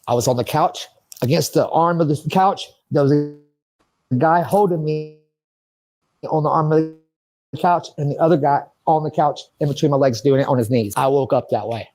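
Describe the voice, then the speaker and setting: A man's voice: a little high, a little fast, darkish tone. A man speaking in an interview, rambling and agitated, swearing and talking to himself. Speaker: interview subject. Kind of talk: emotional interview monologue.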